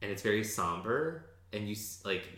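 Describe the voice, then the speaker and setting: A man's voice: fairly low pitch, lively intonation, moderate pace, a bit bright. A man hosting a podcast, chatting casually and rambling with lots of fillers. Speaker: podcast host recapping an episode. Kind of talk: casual chat. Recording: echoey room.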